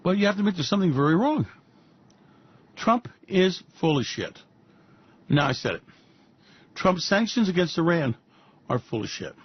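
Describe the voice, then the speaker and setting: Sarcastic ranting man with husky voice. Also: sits high, very animated, moderate pace, pauses often, muffled recording. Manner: sarcastic, mocking, profane, repeats "Really?". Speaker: financial commentary host. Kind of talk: ranting political-economic commentary.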